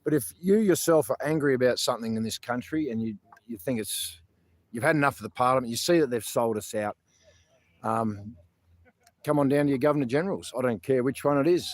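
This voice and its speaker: An Australian man with a mid-range, fairly quick voice hosts a casual protest livestream outdoors in a public garden. He talks earnestly and ramblingly, with lots of fillers and restarts.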